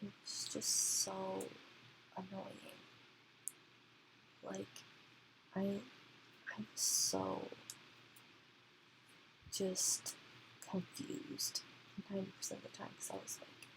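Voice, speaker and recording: A woman rants about a book in a slow, rambling way, leaning heavily on fillers. Her voice has a creaky, gravelly fry, and she often sinks into a hush. Her pitch sits in an ordinary middle range. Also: very animated, background noise. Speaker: book reviewer. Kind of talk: casual ranting review.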